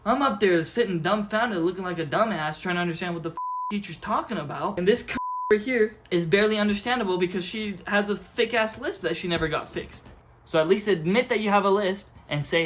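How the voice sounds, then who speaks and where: A man's voice: high voice, fairly quick, fairly bright tone. A young adult man, not a native English speaker, giving an angry, profane ranting monologue as a college student vlogger.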